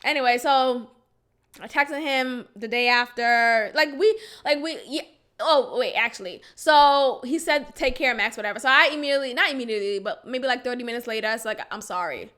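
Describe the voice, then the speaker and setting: A young woman with a high, bright voice tells her own story on a podcast. She talks candidly and expressively, slipping into low, quiet sighs and then rising into loud, exasperated outbursts. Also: moderate pace. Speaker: podcast host. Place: Houston, Texas.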